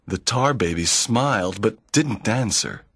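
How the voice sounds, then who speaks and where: A man reads a folk tale aloud slowly, in a measured way meant for learners. His voice is a little husky. The sound is dry and close, with no room around it. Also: lowish voice, expressive, a bit bright, no echo. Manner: clear, measured storytelling. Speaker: narrator of a graded reader. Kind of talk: slow scripted narration for learners.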